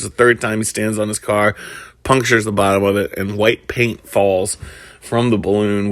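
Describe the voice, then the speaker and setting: Low-voiced man rambling through a story. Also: fairly bright tone, dry recording, clean studio sound. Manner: rambling, many fillers and restarts. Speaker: comedic storyteller. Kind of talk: casual spoken plot retelling.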